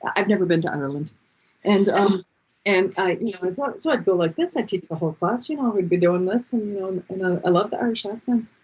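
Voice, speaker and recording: A woman telling personal stories in a chatty, animated way on a video call, with dull lo-fi audio. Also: mid-range voice, breathy edge. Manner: chatty and animated, quick restarts. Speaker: guest speaker. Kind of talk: casual storytelling on a video call.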